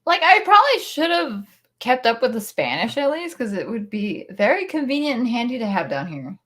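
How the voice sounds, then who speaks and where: A woman's voice: a little high, very animated, fairly quick, fairly bright tone. A woman chatting casually and playfully as a livestream co-host. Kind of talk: casual chat.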